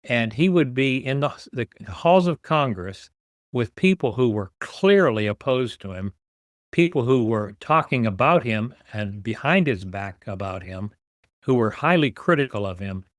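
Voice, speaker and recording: A man's voice: medium pitch, animated, a little slow, dry recording, clean studio sound. A man in his sixties, a podcast guest, telling his story earnestly and repeating words as he builds each point. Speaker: guest, author and nonprofit founder.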